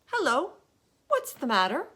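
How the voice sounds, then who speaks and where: A woman's voice: high voice, huge pitch swings, a little slow, sharp tone, pitched above the performer's own voice, heavily acted. A woman voicing an eager, cheerful little boy in a storybook reading.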